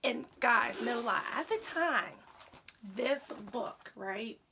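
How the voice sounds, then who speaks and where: A woman's voice: a little high, slow pace, creaky, noisy background. Chatty woman telling a story. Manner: chatty, animated, says "literally" often. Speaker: independent accessories consultant. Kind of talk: casual storytelling vlog.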